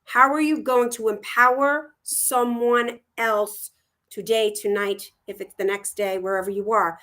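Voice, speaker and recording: A woman's voice: a little high, steady tone, a little slow, sharp tone. A woman co-hosting a talk show, emphatic, repeating questions to her audience. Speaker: co-host. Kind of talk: casual talk-show conversation.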